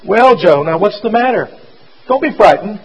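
A man voicing a gentle young doctor at a dying boy's bedside, speaking low and steady. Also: moderate pace, husky, exaggerated voice, low-quality recording. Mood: gentle, soothing.

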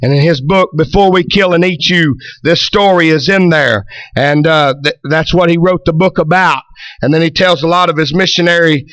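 A man preaching a fervent revival sermon, dropping in amen and hallelujah and building up to shouts. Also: a little high, normal speed, dry recording. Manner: peppers lines with amen and hallelujah, rises to shouts.

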